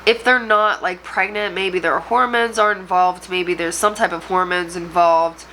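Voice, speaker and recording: Bright-voiced woman giving a tarot reading. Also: lowish voice, steady tone, measured pace, a little hiss or hum, low-quality recording. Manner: emotional, rambling, speaks to viewers directly. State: choked up. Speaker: tarot reader. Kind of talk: channeled tarot reading to camera.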